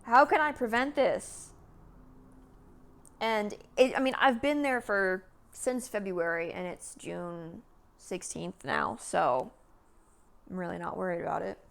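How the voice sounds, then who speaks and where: A woman in her early thirties rambles through a casual vlog, talking in a loose, chatty way. She leans on filler words and sighs, and her voice sometimes falls to a soft near-whisper. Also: lowish voice, a little slow, vocal fry. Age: 30s. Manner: chatty, meandering, many "like"s and sighs. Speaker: vlogger.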